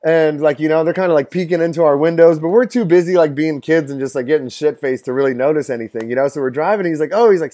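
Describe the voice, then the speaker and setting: A man's voice: fairly high pitch, quick pace, few pauses, mellow. A man in his late twenties telling a story as a podcast guest, rambling and profane with constant filler words. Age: 20s. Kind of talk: casual storytelling.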